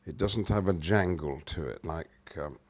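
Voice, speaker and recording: In an interview, this older actor from Britain talks through his points, his volume swinging animatedly from loud to soft with humming cadences. He has a low voice and a normal speaking speed.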